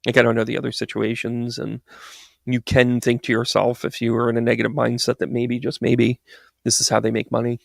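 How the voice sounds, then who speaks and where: Gravelly man telling a rambling story. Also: medium pitch, completely flat delivery, brisk, dry recording, studio quality. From United States. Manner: rambling and digressive, restarts, laughs at his own story. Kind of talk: casual storytelling monologue.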